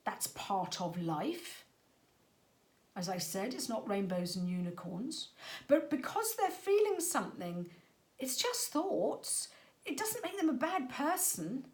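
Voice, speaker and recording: A woman's voice: high voice, sing-song, slow pace, darkish tone. A middle-aged woman, talking to parents as a parenting coach in an earnest, conversational way that sometimes stumbles over words. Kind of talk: talk to parents. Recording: echoey room.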